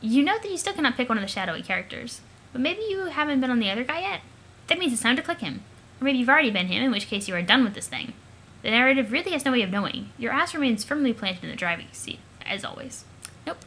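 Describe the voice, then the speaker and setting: Bright-voiced young woman reading aloud. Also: a little high, quick pace, husky. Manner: excitable, giggly, swears casually. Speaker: let's play narrator. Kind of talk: reading a webcomic aloud with reactions.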